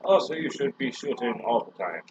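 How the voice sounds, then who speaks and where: A man's voice: mid-range voice, sing-song, a little fast, a little mellow. A man commentating a video game as a joke, hamming up a mock Russian accent. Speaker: let's play co-host. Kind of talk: joking gameplay commentary. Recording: dull lo-fi recording.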